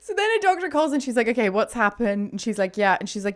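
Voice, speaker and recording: A woman's voice: on the high side, sing-song, fast talker, few pauses. A woman in her thirties, a podcast co-host, telling a story in casual chat and acting out the people she quotes.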